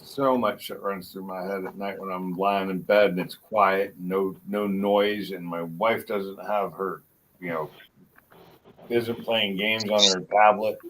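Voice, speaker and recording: Man, host, casual live chat, relaxed drawl, lower voice, slight background noise. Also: unhurried, low-quality recording.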